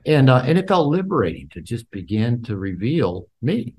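Older male therapist, the interview guest, speaking candidly and reflectively at an average pitch. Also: very animated, normal speed, darkish tone. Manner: candid and reflective, with frequent fillers and restarts. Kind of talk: conversational interview storytelling.

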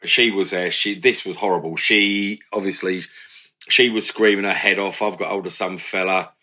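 A man's voice: low-pitched, moderate pace. A man, a former career criminal, telling blunt stories with swearing in a candid chat. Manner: blunt, swearing, animated retelling with laughs.

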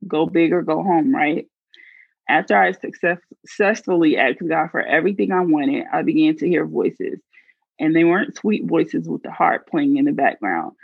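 Gravelly woman reading her own story. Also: sits low, normal speed, dry recording, narrow, tinny audio. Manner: earnest, confessional. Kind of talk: first-person story reading.

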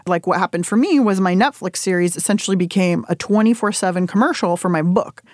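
A woman in her forties, a cookbook author talking candidly in an interview, animated and quick to laugh, leaping up in pitch whenever she quotes herself. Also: dry recording, clean studio sound. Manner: animated storytelling, jumps high when quoting herself, laughs often.

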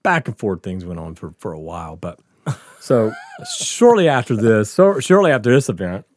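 A man's voice: on the low side, huge pitch swings, moderate pace, slight background noise. A man casually telling a profane, laughing story from his school days on a podcast.

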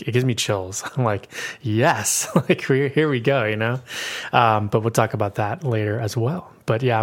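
A man co-hosting a casual podcast, gushing as an eager fan and laughing often. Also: mid-range voice. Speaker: podcast co-host.

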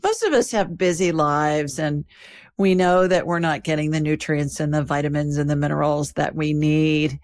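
Low-voiced woman reading an ad. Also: fairly even intonation, darkish tone. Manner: plain, spells out details slowly. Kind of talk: ad read.

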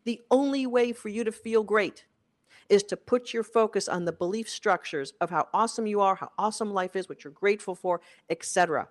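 A career coach delivering an emphatic motivational monologue, repeating key phrases for effect. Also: brisk. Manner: emphatic and repetitive, with big swings in pitch and loudness.

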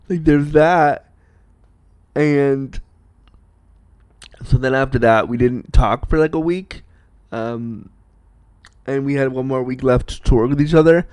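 A young man telling a personal story in a casual, animated, self-mocking way, laughing often. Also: a little high, measured pace, pauses often, clean tone, no room sound.

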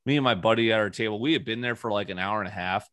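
A man with a low voice hosts a casual podcast, wandering through stories and cursing freely as he goes. The sound is dry and close, with no room around it. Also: very fast, a bit bright, clear, resonant tone, no echo. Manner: rambling, profane storytelling. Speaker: podcast host. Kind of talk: casual chat.

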